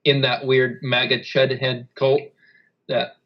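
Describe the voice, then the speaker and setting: A man's voice: medium pitch, completely flat delivery, slow pace, lo-fi sound. A man co-hosting a casual political podcast, talking loosely with hedges and frequent laughter. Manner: casual, hedging, laughs often. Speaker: podcast co-host.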